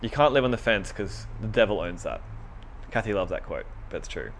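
A man's voice: lowish voice, brisk, a little hiss or hum. Young man preaching casually. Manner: conversational, animated retellings with quoted voices. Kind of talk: casual sermon.

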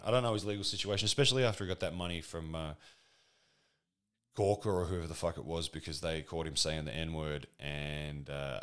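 A man's voice: deep voice, a bit bright. A man rambling through a crude, sardonic comedic monologue.

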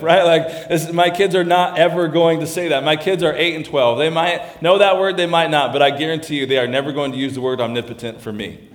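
A man's voice: on the high side, fairly even intonation, brisk. A man preaching a sermon as pastor, talking earnestly and often restarting and repeating his phrases. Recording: roomy echo.

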